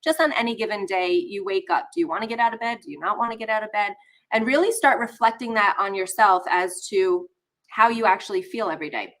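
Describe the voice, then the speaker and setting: A woman hosts a live online session, teaching casually while a bit under the weather. She's chatty, greets the chat, and talks straight to viewers in a medium-pitched, fairly bright voice at a quick pace.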